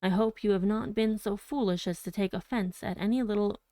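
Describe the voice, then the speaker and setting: A woman reading an anxious gentleman's letter. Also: mid-range voice, fairly even intonation, fairly quick, no room sound, lightly acted. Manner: stumbling over words while reading. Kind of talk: audiobook reading.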